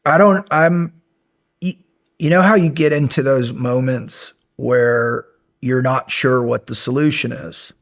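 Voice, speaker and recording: A man's voice: mid-range voice, takes it slowly, vocal fry. A middle-aged man, a podcast guest, telling long rambling stories in a casual interview and acting out the lines of people in them. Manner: rambling, animated, acts out quoted lines.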